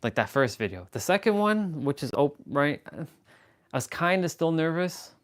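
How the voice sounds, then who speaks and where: A livestream host with a fairly high, very animated voice talks to viewers through an eye-level camera on a tripod. He rambles in a self-amused way and sometimes drops into a slow, hushed intensity.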